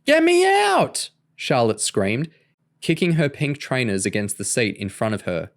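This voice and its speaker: A man reading a novel aloud in an even, steady narration. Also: on the low side, normal speed. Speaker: audiobook reader.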